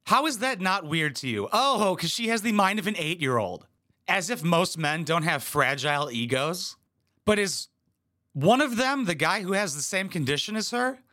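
A man rants through a crude comedy reaction, sarcastic and full of swearing. His voice is bright and edgy, sitting a bit high for a man and swooping all over as he mocks what he watches. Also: expressive, moderate pace. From United States. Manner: profane, sarcastic, mocking. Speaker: commentary YouTuber.

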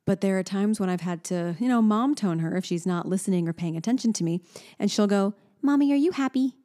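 A woman's voice: fairly low pitch, brisk, warm tone. A pregnant woman in her thirties co-hosting a podcast, chatting casually and telling stories animatedly, sometimes voicing her toddler. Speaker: podcast co-host. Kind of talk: casual chat.

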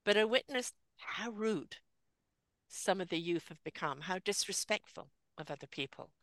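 An older woman hosts a relaxed interview with a bright, forceful voice, lively and expressive as she acts out little quoted lines. The sound is close and dry. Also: medium pitch, moderate pace, dry recording. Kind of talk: conversational interview.

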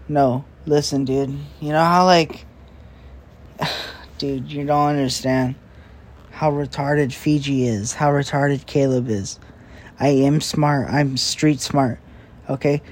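A young man hosting a late-night podcast, talking in a slow, crude, meandering way full of fillers and swearing, breathing heavily after a big meal. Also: fairly high pitch, fairly even intonation, a little mellow. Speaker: podcast host. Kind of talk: rambling late-night casual chat. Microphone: podcast microphone.

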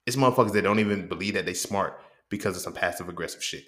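A man's voice: sits low, very fast, a bit bright, echoey room. A man hosting a podcast in a casual, profane monologue, often checking in with "you feel me". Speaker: podcast host.

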